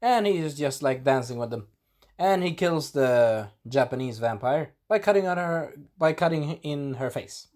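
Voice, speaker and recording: A man giving a casual spoken episode recap, animated and breaking into character voices, clearing a scratchy throat. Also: moderate pace. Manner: animated, acts out characters in sudden high voices. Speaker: video reviewer.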